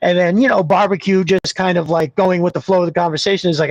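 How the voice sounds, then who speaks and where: A man's voice: sits high, steady tone, fast talker, darkish tone, no echo, dull audio. A man co-hosting a casual podcast chat, rambling through stories with laughs and swearing.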